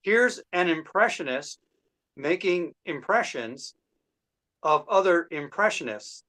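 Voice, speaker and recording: A man doing a deadpan stand-up set of impressions, talking haltingly over a video call. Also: on the high side.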